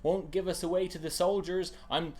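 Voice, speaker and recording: A man's voice: sits high, steady tone, normal speed, warm tone, voice pushed up, natural voice. A man voicing a humble male peasant refugee pleading for passage, in a generic rural English accent. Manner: earnest, begging.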